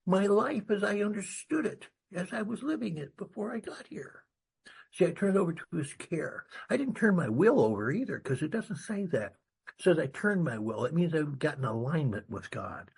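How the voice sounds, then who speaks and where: A man from New York sharing his recovery story at a meeting, animated and blunt, acting out old conversations. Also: high-pitched, vocal fry, husky. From New York, USA. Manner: animated storyteller, acts out dialogue, blunt and salty. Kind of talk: personal recovery story talk.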